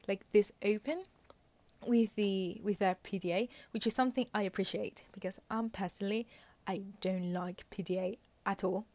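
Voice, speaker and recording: Woman, chatty fashion commentary, opinionated, dry close sound, mid pitch. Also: a little mellow, dry recording. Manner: chatty, opinionated, frequent fillers and laughs. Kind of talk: casual commentary.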